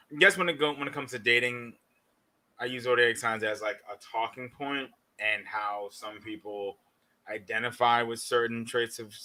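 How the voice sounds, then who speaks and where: A man's voice: fairly low pitch, sharp tone. A young man on a podcast, speaking in a loose, rambling way with a dry sarcastic edge. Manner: loose and rambling, many fillers, dryly sarcastic. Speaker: podcast co-host. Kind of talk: casual podcast chat.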